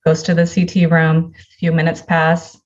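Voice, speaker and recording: A woman's voice: low voice, monotone, normal speed, highs cut off. A woman, a podcast guest, earnestly telling a personal story and acting out the dialogue in it.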